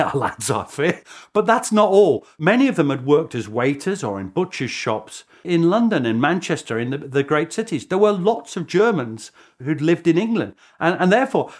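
A man in a documentary interview, speaking as a historian. His slightly high voice swings widely as he tells the story. Chuckles and small restarts break up his delivery.

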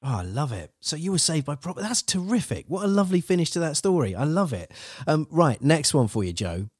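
Relaxed man hosting a podcast. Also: fairly high pitch, brisk, slightly rough, no room sound, clean studio sound. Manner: easygoing, encouraging, laughs along. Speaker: podcast host. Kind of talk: casual podcast interview.

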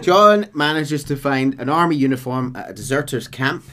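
A man casually retelling a game's story as a podcast host, animated and laughing easily. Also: medium pitch, normal speed. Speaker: podcast host narrating game lore.

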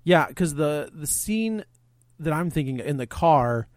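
A man with a fairly high voice joins a casual talk about a movie. He jumps in fast and agrees readily with the others. The sound is dry. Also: animated, a little mellow, no echo. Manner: quick to interject, agreeable. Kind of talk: casual film discussion.

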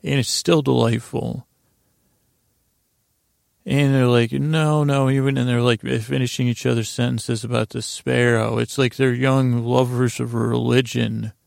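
A man's voice: medium pitch, level tone, measured pace, vocal fry, a little mellow, dry recording, studio quality. A man hosting a podcast, casually recapping a TV episode in a rambling, conversational way. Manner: rambling, conversational, often restarting and retelling scenes. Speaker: podcast host.

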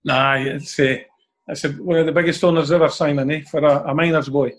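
A little high and a little fast, this older Scottish man's voice stays steady in tone as he recounts anecdotes as an interview guest. He chats along, rounding off phrases with a questioning "eh?".

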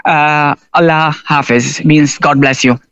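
A man from Pakistan, a friendly, halting interview guest who laughs often. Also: on the high side, steady tone, fairly bright tone, smooth, muffled recording. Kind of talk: casual interview chat.

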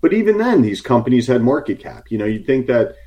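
A man's voice: medium pitch, sing-song, a little fast, dark tone. A man from the United States talking casually as an interview guest, telling a story with many fillers and restarts and a wry tone. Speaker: interview guest, short seller.

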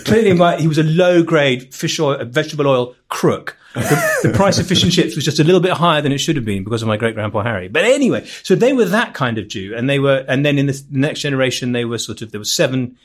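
Fast-talking, rambling man. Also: medium pitch, lively intonation. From England. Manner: rambling, self-interrupting storyteller with frequent restarts; wry, jokey. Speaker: podcast guest. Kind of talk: casual chat.

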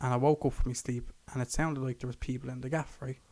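A man's voice: medium pitch, fairly even intonation, fast, a little mellow, no room sound. A young Irish man co-hosting a podcast, telling a long story in casual chat, swearing, laughing and putting on voices for the people in it. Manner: swearing, laughing, acts out quotes in a raised voice. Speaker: podcast co-host.

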